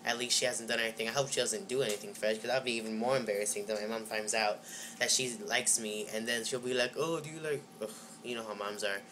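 A man's voice: lowish voice, flat delivery, fast, pushed and bright, slight background noise. A teenage boy telling a story in a casual vlog, rambling with lots of fillers and sounding exasperated. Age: teens. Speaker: vlogger.

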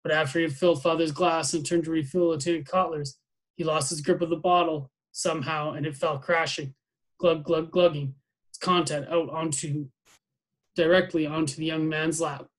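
A man teacher reading a novel aloud to his class, steady with small slips and restarts. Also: on the high side, normal speed, rough recording.

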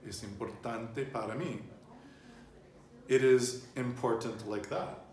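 A man's voice: mid-range voice, steady tone, slow. A man in his thirties teaching a casual Spanish lesson at home, chatty and loose, laughing easily and often restarting or wandering off-topic. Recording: roomy home recording, faint ambience.

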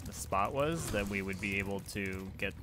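A man's voice: on the low side, normal speed, background noise. A young man commenting casually on his video game playthrough, chatty and easily distracted. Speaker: gameplay streamer. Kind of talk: casual let's-play commentary.

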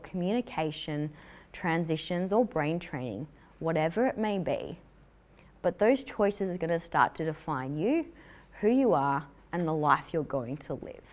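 A woman giving an upbeat, jokey live talk to a young audience as a motivational speaker. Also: fairly low pitch.

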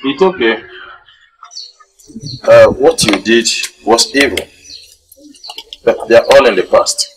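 A young actor playing a calm, firm fiancé. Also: male voice, mid-range voice, slow pace, far from the mic, noisy background. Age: young adult.

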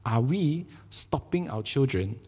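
A man preaching a sermon with a Singaporean English accent, telling jokey, animated stories and acting out quotes. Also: mid-range voice, takes it slowly, slightly rough, in a large hall. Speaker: pastor. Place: church sanctuary.

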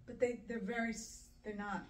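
A woman's voice: a little high, flat delivery, moderate pace. A woman, an actress guest on a podcast, talking in a chatty, rambling way. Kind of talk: casual podcast chat. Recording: echoey room, mic at a distance.

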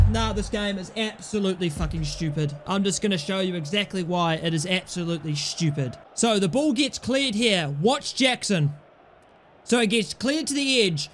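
A man's voice: high voice, animated, normal speed, fairly bright tone, a little hiss or hum. A young man playing a football video game and commentating, frustrated and swearing at his players. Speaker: gaming YouTuber.

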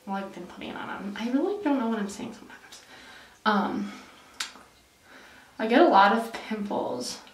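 A woman's voice: mid-range voice, lively intonation, normal speed, long pauses, recorded from a distance, a little hiss or hum. A young woman vlogging in a casual, rambling way, full of "like" and "um", breaking off mid-sentence. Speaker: beauty vlogger. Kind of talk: casual rambling chat to camera. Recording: roomy echo, voice off-mic.

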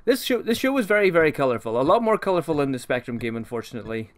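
A man's voice: a little high, sing-song, very fast. A young man hosting a let's-play, chatting and reacting aloud to a retro game with self-deprecating humor. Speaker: host of a gaming channel. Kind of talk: casual let's-play commentary.

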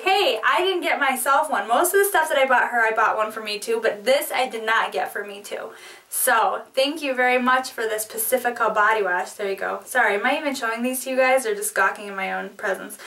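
A woman beauty vlogger in casual chat, opening a package, giggly, excitable and apologetic. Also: a little high, moderate pace, recorded from a distance, poor audio.

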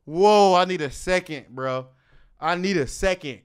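Man, music reaction host, high voice, bright and sharp, slangy, swears a lot, incredulous outbursts. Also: moderate pace, smooth. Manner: exclamatory, incredulous, swears freely; slangy, calls listeners bro. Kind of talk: live music reaction commentary.

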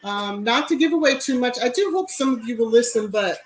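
A woman's voice: on the high side, animated, a little fast, poor audio. A woman hosting a casual live stream, greeting viewers by name and chatting emphatically. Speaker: YouTube livestream host. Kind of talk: casual live-chat commentary.

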